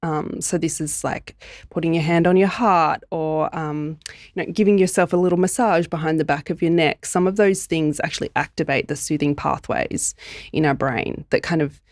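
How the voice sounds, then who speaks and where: A woman's voice: low voice, normal speed, no echo, clean studio sound. A woman co-hosting a podcast who explains ideas step by step and laughs often. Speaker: podcast co-host, body image expert. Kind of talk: casual podcast chat.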